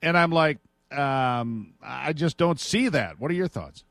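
A man's voice: on the high side, lively intonation, unhurried, gravelly, a bit bright, dry recording, clean studio sound. Chatty man hosting talk radio. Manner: opinionated, chatty, laughs easily. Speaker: radio talk show host. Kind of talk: casual political talk radio.

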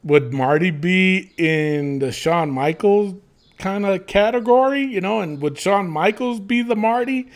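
Male podcast co-host, high and gravelly, animated and profane. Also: unhurried. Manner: animated, swearing, laughing often. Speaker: podcast co-host reading listener comments. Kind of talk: casual chat.

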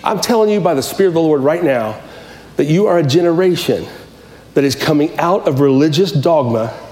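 A man's voice: on the high side, a little mellow, roomy sound. A man preaching a sermon as pastor, impassioned and repetitive, often restarting his phrases.

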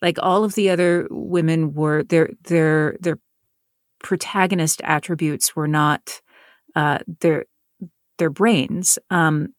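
Thoughtful woman from North Carolina, lowish voice. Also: fairly even intonation, takes it slowly, dry recording, studio quality. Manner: thoughtful, with frequent restarts and repeated words. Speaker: author and audiobook narrator. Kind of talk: conversational interview.

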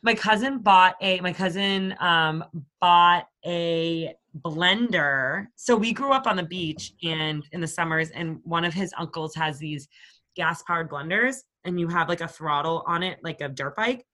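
A woman's voice: fairly low pitch, measured pace, pushed and bright. A woman in her thirties from the Boston area, co-hosting a podcast and telling rambling stories full of swearing. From Boston area, USA. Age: 30s. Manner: profane, rambling storyteller. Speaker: podcast co-host. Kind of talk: casual chat.

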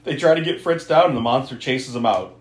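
A man's voice: mid-range voice, fairly quick, echoey room. A man recapping an old film in casual talk, laughing often, swearing, and acting out the characters. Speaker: podcast host.

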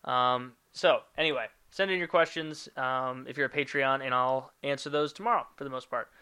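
A man's voice: mid-range voice, fairly even intonation, moderate pace, sharp tone, clear, resonant tone. A man hosting a casual podcast, reading out listener questions and wandering into loose, profane asides. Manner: loose and profane, rambling asides, hums filler syllables. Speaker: podcast host.

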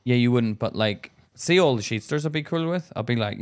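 A man co-hosting a podcast, chatting casually in a blunt, sweary way with quick stories. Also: medium pitch, lively intonation. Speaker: podcast co-host. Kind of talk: casual chat.

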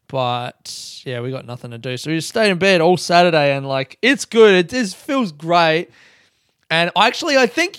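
A man's voice: fairly high pitch, fairly bright tone, smooth, no room sound, studio quality. A young man hosting a solo podcast, rambling casually, swearing and laughing at himself. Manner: casual, swearing, laughing asides, self-mocking. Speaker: podcast host. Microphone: close podcast mic.

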